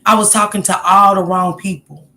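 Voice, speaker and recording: A woman's voice: medium pitch, steady tone, normal speed, bright, forceful tone. A woman hosting a casual livestream, talking heartfelt and encouraging as she greets viewers in the chat by name. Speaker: livestream host.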